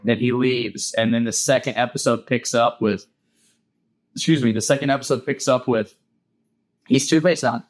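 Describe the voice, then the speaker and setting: A man's voice: mid-range voice, fairly even intonation, moderate pace. A man co-hosting a podcast, eagerly retelling a cartoon episode in casual chat with many restarts. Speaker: podcast co-host.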